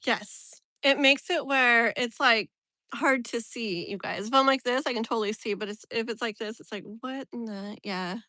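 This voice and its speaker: A young woman hosts a casual live stream outdoors, talking in a chatty, exasperated way and laughing often. Her voice is bright and a little high, and she speaks slowly. The sound is close and dry. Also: no echo. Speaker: tarot reader live-stream host. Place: outdoors near a tree.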